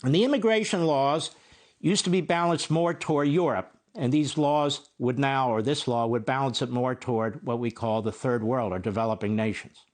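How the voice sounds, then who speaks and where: A man's voice: mid-range voice, moderate pace. A man in his sixties hosting a TV opinion show, delivering an emphatic monologue full of rhetorical questions. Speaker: TV host.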